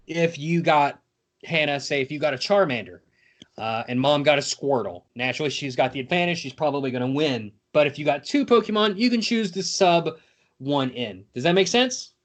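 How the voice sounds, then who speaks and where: A man hosting a podcast in casual chat, joking and rambling as he explains a game. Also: a little high. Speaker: podcast host.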